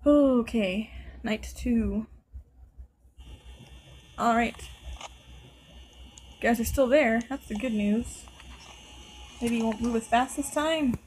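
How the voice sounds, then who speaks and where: Woman let's-play host, nervous chatter at the game characters, higher-pitched voice, faint hiss on the track. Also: slow, pauses often, a little mellow, low-quality recording. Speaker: gameplay video host. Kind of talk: casual let's-play commentary.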